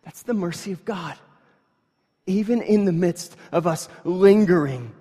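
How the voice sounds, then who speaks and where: A man preaching a sermon as pastor, shifting between quiet scripture reading and loud, emphatic passages, conversational with fillers and restarts. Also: sits high, a little slow, slightly rough. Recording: long hall reverb.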